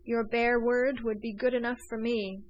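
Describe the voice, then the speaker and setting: A woman puts on an excitable young gentleman smuggler in a storybook reading. His voice sits somewhat high, and he presses his case with urgent, pleading energy. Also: normal speed, no echo, highs cut off, lightly acted.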